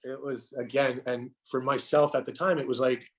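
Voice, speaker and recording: A middle-aged man, a podcast guest, tells an emotional personal story in a halting way, restarting and repeating words with many fillers. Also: medium pitch, flat delivery.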